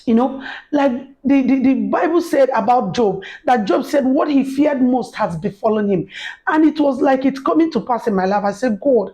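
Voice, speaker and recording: A woman's voice: high-pitched, lively intonation, normal speed, dark tone, poor audio. A woman giving an earnest personal faith testimony to camera, acting out the voices of people she quotes. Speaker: faith encouragement speaker.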